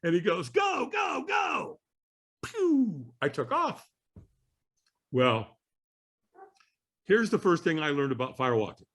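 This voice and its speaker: A man tells a story as a guest on an interview podcast, his voice sitting a little high for a man and swinging widely in pitch. He talks in an animated way, acting out the voices of the people in his story. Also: breathy edge.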